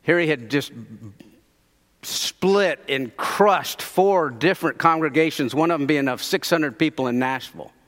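A man's voice: a little high, unhurried, a bit bright. A man preaching a sermon, telling a story in a conversational way and asking his listeners questions. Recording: long hall reverb.

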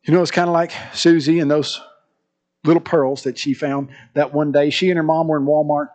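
A man preaching a sermon, telling an illustrative story and reading scripture, animated and dropping to hushed tones. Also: on the high side, fairly quick.

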